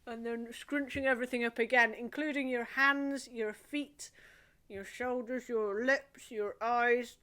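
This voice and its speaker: A woman leading a singing group through a gentle warm-up, coaching softly and encouragingly. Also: on the high side, fairly even intonation. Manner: soft, encouraging, slow coaching with playful vocal exercises.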